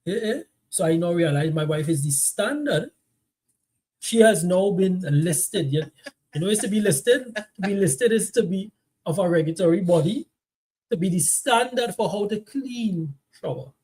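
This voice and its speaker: A man's voice: high voice, lively intonation, moderate pace, darkish tone. A man co-hosting a live relationship talk show, explaining his views at length and telling stories from home in casual chat.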